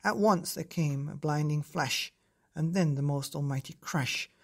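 A podcast host reading a rhyming storybook aloud at bedtime, with a lively, rhythmic delivery. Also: medium pitch, a little slow, gravelly.

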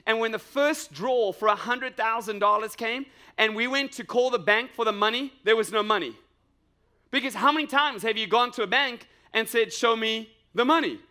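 A man preaching a lively sermon to a live congregation, energetic and jokey, repeating phrases and asking the crowd questions. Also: extremely high pitch. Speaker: pastor. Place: church sanctuary with live congregation.

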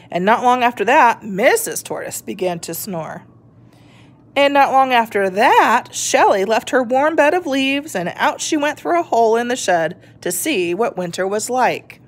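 Slow, expressive woman reading a storybook. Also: fairly high pitch. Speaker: storybook reader. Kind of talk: children's story read-aloud.

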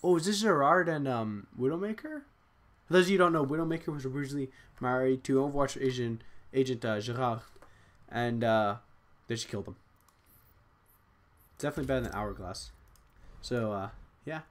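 A young man casually commentating as he opens game loot boxes at his computer, excitable, talking to himself, groaning and cheering. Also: mid-range voice, a little fast, long pauses. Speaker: gaming channel host. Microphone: desk USB microphone.

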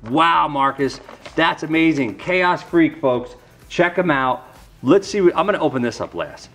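A middle-aged man hosts a casual unboxing vlog. His pitch leaps up and down as he exclaims over each new card. Faint music plays behind him. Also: very animated, unhurried, fairly bright tone. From New York. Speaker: YouTube host.

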